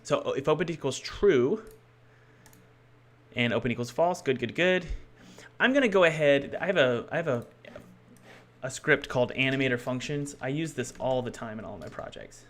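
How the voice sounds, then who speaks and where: A man's voice: mid-range voice, expressive, moderate pace. Guy live-streaming his coding, rambly, keeps restarting sentences and talking to chat. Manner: rambling, loose and self-correcting; thinks aloud while working. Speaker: game developer streaming his work.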